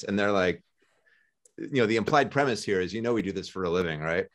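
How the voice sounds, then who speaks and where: Man, deep voice, professor, wry and lively, casual scripture talk, video call. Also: fast talker. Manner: lively and wry, acting out voices in his retelling. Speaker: seminary professor, podcast co-host.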